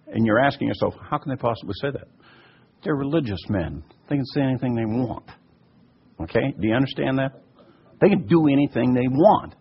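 A man's voice: mid-range voice, gravelly, breathy edge. A man teaching from scripture and answering listener questions, emphatic and fond of asides. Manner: emphatic, repeats "by the way". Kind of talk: teaching talk. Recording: muffled lo-fi recording.

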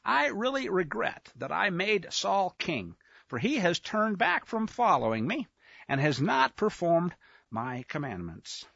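A man's voice: sits high, very animated, a little slow, creaky, a bit bright, breathy edge, no room sound, highs cut off, full character voice. A man voicing God, speaking casually and with regret to a prophet. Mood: regretful.

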